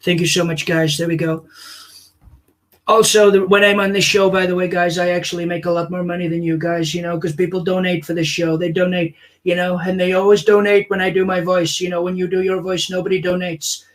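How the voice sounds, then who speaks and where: A man's voice: high voice, flat delivery, lightly acted. A comedian voicing a boastful older male politician who rambles and praises himself. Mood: pompous. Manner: pompous, repetitive, drawn-out boasting. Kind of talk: comic impression on a livestream.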